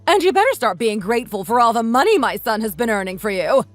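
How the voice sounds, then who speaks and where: A woman's voice: big pitch swings, fast talker, no room sound, faint music behind. Sylvia, a woman voicing a scolding mother-in-law. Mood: indignant. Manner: shrill, scolding and insulting. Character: bossy scornful sixty-year-old mother-in-law. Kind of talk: texting story voice acting.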